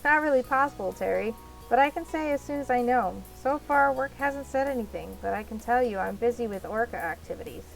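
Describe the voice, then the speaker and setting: A woman's voice: fairly high pitch, expressive, fairly quick, gravelly, faint music behind, rough recording. A woman reading a laid-back young guy. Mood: easygoing. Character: easygoing young man who loves the sea. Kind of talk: visual novel dialogue reading.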